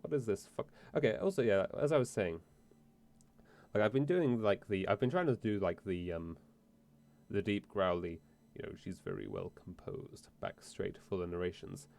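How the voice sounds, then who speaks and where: A man's voice: on the low side, lively intonation, moderate pace, a little mellow. A man streaming a game, chatting casually in a rambling, profane, self-interrupting way. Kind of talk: casual let's-play chat.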